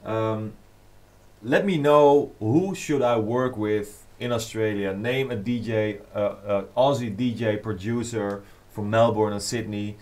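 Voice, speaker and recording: Slow-talking male DJ on a livestream. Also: on the low side, a little mellow. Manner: rambling, many fillers, reading fan comments aloud. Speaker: DJ and producer livestreaming to fans. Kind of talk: casual livestream chat.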